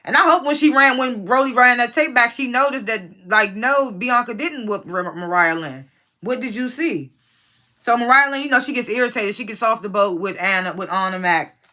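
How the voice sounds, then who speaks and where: Blunt, bright-voiced woman reviewing reality TV. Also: fairly high pitch, moderate pace. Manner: blunt, profane, opinionated; talks straight to the people she reviews. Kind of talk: casual recap commentary.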